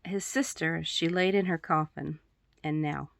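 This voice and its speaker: A woman chatting and then casually reading her own story aloud to a phone in a room at home, with giggles and throat-clearing asides. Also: low voice, steady tone, normal speed, slight background noise. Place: room at home with poster backdrop.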